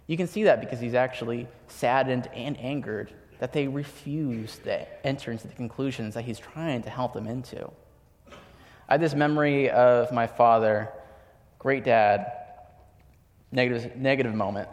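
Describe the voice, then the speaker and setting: A man's voice: medium pitch, normal speed, a little mellow. A young man giving a sermon, telling personal stories in a casual, chatty way with lots of filler words. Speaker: preacher. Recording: long hall reverb.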